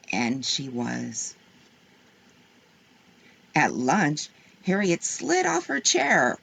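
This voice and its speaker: Woman reading kids' books aloud, slow, husky and gravelly, very expressive. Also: sits low. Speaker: storyteller.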